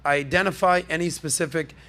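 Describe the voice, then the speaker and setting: Male podcast host, brash jokey salesman patter, high gravelly voice, bright edge. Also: fairly even intonation, a little fast. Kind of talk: casual pop-culture podcast commentary.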